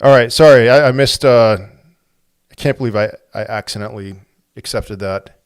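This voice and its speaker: A man's voice: mid-range voice, normal speed, clean tone, no echo, studio quality. A man hosting a crypto livestream, chatting casually, thinking aloud and answering viewer comments with frequent restarts.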